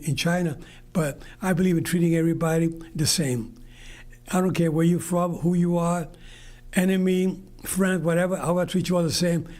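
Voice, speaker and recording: An older man hosts a radio talk show on his own, speaking from the studio. His voice sits somewhat high for a man, and he talks in an earnest, rambling way, giving the listeners a gentle pep talk. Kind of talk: solo talk show monologue.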